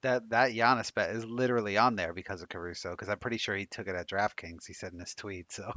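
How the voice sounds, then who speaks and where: A man co-hosting a betting show, trading quick, joking banter in casual chat. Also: fairly low pitch, steady tone, pushed and bright, dry recording. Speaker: co-host. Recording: dry, dull lo-fi mic.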